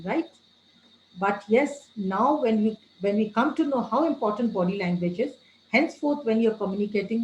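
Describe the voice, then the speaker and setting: Woman trainer, fairly high voice, slows down on the big words, roomy echo. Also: darkish tone, slight background noise. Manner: addresses listeners as friends, gives tips. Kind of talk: online training lecture.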